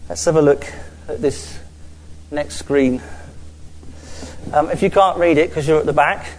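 A man preaching a sermon, his voice sitting a little higher than most men's. He is earnest, often stumbles and restarts his phrases, repeats words as he searches for them, then draws out the key lines slowly. He is speaking to a gathered church audience. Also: a little mellow, slight background noise, poor audio. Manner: slows down to stress key phrases.

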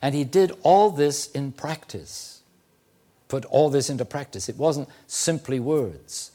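A man preaching a sermon, teaching slowly and deliberately with emphatic phrasing and occasional fillers. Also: mid-range voice. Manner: occasional throat clearing and "uh" fillers.

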